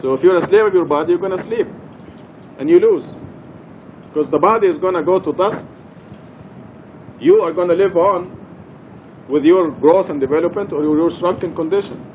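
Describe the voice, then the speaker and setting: In a mosque, a man who teaches Quran study leads a religious class, speaking earnestly and with emphasis and repeating his main points to drive them home. His voice is slightly high for a man, his pace is normal, and he pauses often. The audio is dull and lo-fi, with a faint rumble beneath it.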